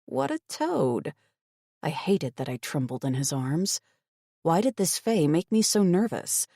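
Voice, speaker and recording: Wry, expressive woman narrator for a first-person fantasy audiobook, close and dry. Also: low-pitched, normal speed, no echo.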